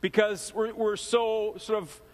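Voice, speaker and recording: Minnesotan pastor preaching in a reverberant hall. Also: male voice, high voice, a little slow. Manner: conversational, animated storytelling with frequent fillers and restarts. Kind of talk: sermon. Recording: long reverb of a large hall.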